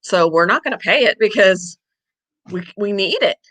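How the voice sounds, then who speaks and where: A woman's voice: mid-range voice, animated, normal speed, a bit bright, low-quality recording. A woman vlogger chatting casually to the camera, telling a long story in a rambling way and sometimes out of breath. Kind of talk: casual chat.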